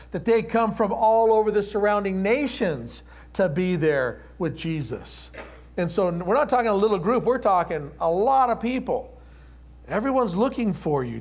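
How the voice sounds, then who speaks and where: Man preaching a conversational sermon. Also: a little high. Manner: conversational preaching with playful acted-out voices. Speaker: pastor.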